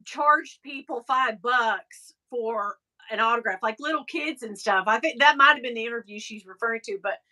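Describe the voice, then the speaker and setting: Bright, high-voiced woman chatting. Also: normal speed, hardly any pauses. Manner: chatty, animated storyteller with frequent laughs. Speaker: live stream host and former radio interviewer. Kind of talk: casual chat.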